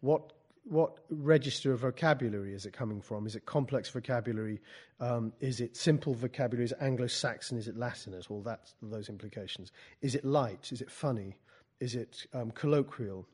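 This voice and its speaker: Halting man leading a poetry workshop. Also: medium pitch, darkish tone, husky. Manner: halting, restarts and repeats words, dry wry asides. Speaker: poetry teacher. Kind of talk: workshop talk mixed with reading aloud from his own book.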